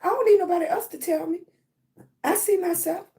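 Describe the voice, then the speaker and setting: Her voice is very high, mellow, and fairly quick. The woman gives a motivational live-stream talk on self-love, repeating herself and often asking "right?", while chest congestion has her clearing her throat.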